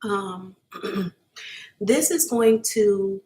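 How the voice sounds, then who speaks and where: Very slow and a little mellow, a woman's mid-range voice carries a live psychic reading for streaming viewers. She's earnest and openly emotional, sometimes near tears, speaking casually and emphatically with frequent "okay?" check-ins.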